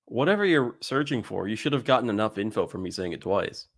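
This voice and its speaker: A man with a fairly low voice trades blunt, teasing banter on a podcast. He reads lists aloud in a flat matter-of-fact way and pushes back on his co-host. The sound is dry and close to the mic. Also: fast, dry recording.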